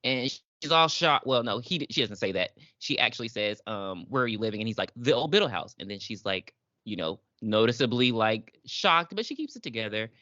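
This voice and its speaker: A woman's voice: rumbling low, lively intonation, fairly quick, hardly any pauses, fairly bright tone, no room sound, highs cut off. A woman co-hosting a podcast in casual review chat, talking with lots of fillers and acting out characters' lines. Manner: chatty, filler-heavy, acts out characters' lines. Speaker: podcast co-host.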